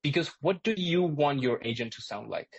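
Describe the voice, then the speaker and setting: A man hosting a live online class, explaining excitedly with lots of restarts and asides. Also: a little high, normal speed, gravelly, slightly rough, no echo, lo-fi sound. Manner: energetic, rambling, lots of restarts. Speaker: host and instructor. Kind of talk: live webinar teaching.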